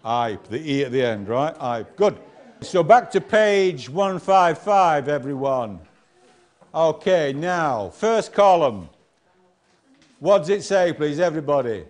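A man's voice: a little high, animated, slow pace. A man teaching a phonics lesson, sounding out nonsense syllables one by one and calling on the class to answer. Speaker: reading teacher.

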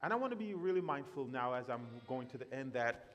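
A man preaching a sermon in a church, animated, surging loud for emphasis and then dropping quiet and slow. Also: medium pitch. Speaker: pastor. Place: church sanctuary. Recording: long reverb of a church hall.

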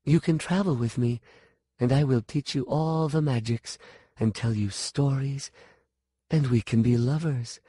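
A man voicing an ageless wild-haired witch who speaks softly, slowly and possessively. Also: medium pitch, breathy edge, no echo, clean studio sound, pitched above the performer's own voice. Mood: dreamy. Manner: soft, hushed and slow.

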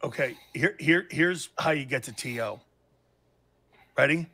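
A man in animated podcast chat, telling quick, excitable stories. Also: medium pitch. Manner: excitable, rapid anecdotes.

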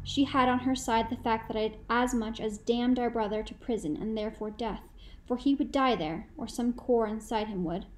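A woman narrating a first-person novel in a measured, reflective storytelling manner. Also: a little high, slight background noise, low-quality recording. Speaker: audiobook narrator.

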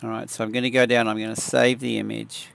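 A man giving a relaxed, conversational photo-editing tutorial, talking through each step with small fillers. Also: medium pitch, quick pace, creaky. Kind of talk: casual software tutorial.

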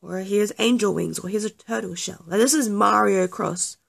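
A woman's voice: mid-range voice, normal speed, creaky, breathy edge. A young woman chatting casually over gameplay, often apologizing and joking about herself. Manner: self-deprecating, apologetic, chatty. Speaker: gaming YouTuber.

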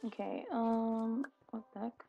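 A woman's voice: a little high, flat delivery, slow, mellow, muffled recording, faint music behind. A young woman chattering to herself while playing a video game, giggling and exclaiming as things happen. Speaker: gaming video creator. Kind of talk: casual gameplay commentary.

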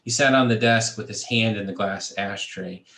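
A man, a creative writing teacher, reading his short fiction aloud in a steady, measured way. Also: on the low side. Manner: steady, measured, occasional restarts. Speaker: creative writing faculty reader. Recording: echoey room.

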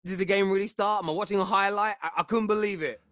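A man's voice: high voice, steady tone, fast, fairly bright tone, no echo, studio quality. A man hosting a football reaction show, mocking the clips and laughing often. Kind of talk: casual reaction chat.

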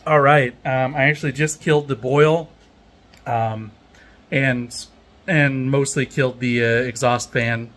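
In his home brewery in Denmark during a heat wave, a man vlogs his brew day, rambling playfully and thinking aloud with lots of fillers. His mid-range voice is fairly bright, with fairly even intonation and an unhurried delivery.

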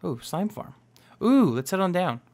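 Young male gaming host, bright chatty commentary, voice sits a little high. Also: sing-song, measured pace, gravelly. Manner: upbeat, chatty, exclaims often. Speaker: Minecraft let's play host. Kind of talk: casual gameplay commentary.

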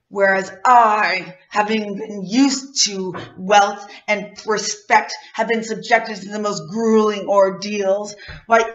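A woman playing a pompous, formerly rich man with a husky voice, complaining indignantly, recorded lo-fi with echo. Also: fairly high pitch. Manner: indignant, self-important complaining. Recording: lo-fi, echoey.

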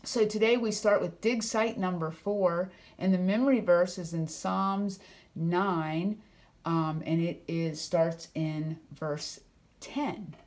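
A woman's voice: on the low side, a little mellow. A woman pastor giving a children's church lesson, explaining things in a friendly, simple way. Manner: friendly, explains slowly to kids.

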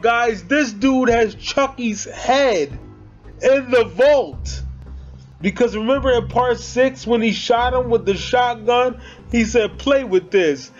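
Slangy man with a high voice. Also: lo-fi sound. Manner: slangy, chatty, addresses viewers as guys and bro. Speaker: movie reviewer. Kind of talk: casual spoken movie review.

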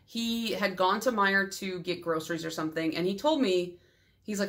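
A woman's voice: mid-range voice, moderate pace. A young adult woman vlogging about her nail polish collection in a casual, rambling chat full of fillers and sentimental asides. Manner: chatty and rambling, many fillers; warm, sentimental storytelling.

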